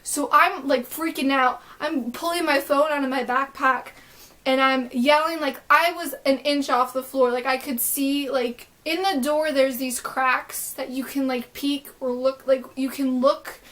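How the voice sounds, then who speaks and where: A young adult woman telling a storytime vlog, excitable and rambling, with lots of filler words. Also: high voice, measured pace. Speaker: vlogger.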